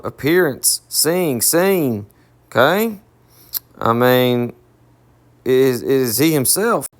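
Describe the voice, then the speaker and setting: A man with a Southern US accent giving a Bible study sermon. He reads verses aloud and then explains them emphatically, repeating himself, correcting himself and checking in with "okay?". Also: medium pitch. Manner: emphatic, repetitive, self-correcting. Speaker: Bible teacher.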